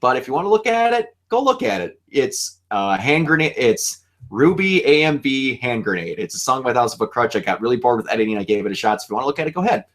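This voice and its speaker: A man's voice: mid-range voice, quick pace. Young man hosting casual fan chat. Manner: animated, laughs often, acts out quotes. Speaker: show host.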